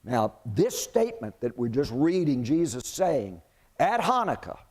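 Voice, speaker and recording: A male preacher delivering a sermon, retelling a Bible story in an animated way and putting questions to the congregation. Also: medium pitch, measured pace.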